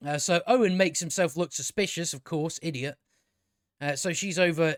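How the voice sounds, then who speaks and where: A man's voice: on the high side, moderate pace. A man giving a rambling, sweary, mocking commentary while reviewing a show. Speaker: video reviewer. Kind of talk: casual commentary over clips.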